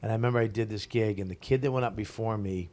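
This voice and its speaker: A comedian in his forties telling a story in casual conversation, profane and animated, laughing as he goes. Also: on the low side, fast talker. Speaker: guest comedian.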